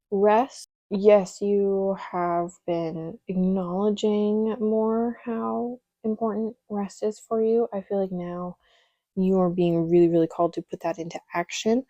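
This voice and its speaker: A woman's voice: medium pitch, warm tone, no echo, muffled recording. A young woman doing a casual, chatty tarot reading, candid and a little exasperated, with frequent ums and laughs. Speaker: tarot reader.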